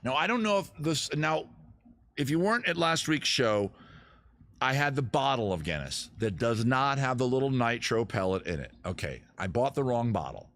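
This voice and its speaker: His mid-range voice swings widely in pitch, a bit bright, at normal speed with no echo. This middle-aged host of a music-and-beer livestream chats casually, sings with guitar, and rambles through self-mocking jokes.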